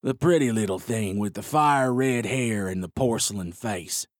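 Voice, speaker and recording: Guy doing a gruff old western drifter, low gravelly mutter, slow, dry close mic. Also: no echo, lightly acted.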